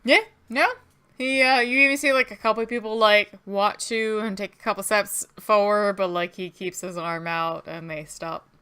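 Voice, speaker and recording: A woman's voice: mid-range voice, fairly even intonation, sharp tone, smooth, faint music behind. A woman running a tabletop role-playing game as game master, narrating and summing up scenes with frequent fillers. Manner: brisk, wrapping up scenes, filler-heavy.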